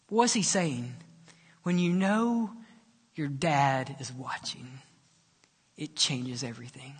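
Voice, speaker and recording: A male pastor preaching and telling a story, dramatic, dropping soft and low for quoted lines. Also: slow, pauses often, breathy edge. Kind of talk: sermon storytelling. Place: church sanctuary. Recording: long church reverb.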